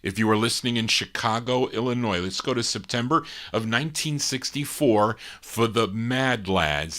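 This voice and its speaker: Slow-talking man hosting a record show. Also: medium pitch, expressive, a bit bright. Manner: unhurried, pauses to recall names, fillers. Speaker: radio-style show host and DJ. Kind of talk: casual live record-show talk.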